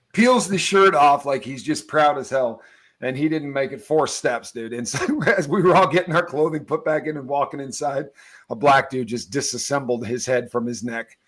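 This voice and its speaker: Animated laughing man telling stories. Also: on the high side. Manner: animated storyteller, laughs mid-sentence, slangy. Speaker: podcast host. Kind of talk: casual storytelling chat.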